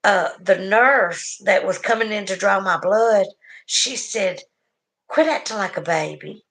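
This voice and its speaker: A woman's voice: mid-range voice, measured pace, fairly bright tone. A middle-aged woman with a Southern US accent, chatting folksily as she reads viewer comments aloud on her stream. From southern United States. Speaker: livestream host reading viewer comments. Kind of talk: casual chat.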